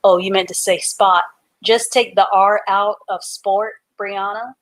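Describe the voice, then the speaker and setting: Calm woman teaching reading online, super slow, spells stuff out letter by letter, mid pitch. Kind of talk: live online reading class.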